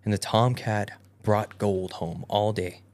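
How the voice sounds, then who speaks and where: A man's voice: fairly low pitch, steady tone, slow, a little mellow. A man hosting a casual podcast, reading an old fairy tale aloud and tripping over its old-fashioned wording. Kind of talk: casual storytelling read-aloud.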